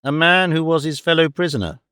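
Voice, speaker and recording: A man's voice: fairly high pitch, a little fast, pushed and bright, clean tone, dry recording, clean studio sound. A male audiobook reader voicing an earnest, troubled grown son who speaks in a pleading way. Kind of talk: audiobook character voice.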